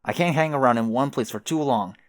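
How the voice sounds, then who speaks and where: A man voicing a cheerful, excitable teenage boy who talks eagerly and loudly. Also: mid-range voice, a little fast, no room sound, studio quality, pitched above the performer's own voice, close to an everyday voice.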